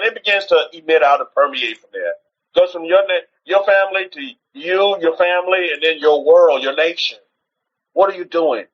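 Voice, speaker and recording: High, husky-voiced man preaching on a stream. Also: highs cut off. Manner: repeats rhetorical questions; exhorting, with frequent restarts. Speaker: preacher on a livestream. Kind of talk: informal teaching sermon.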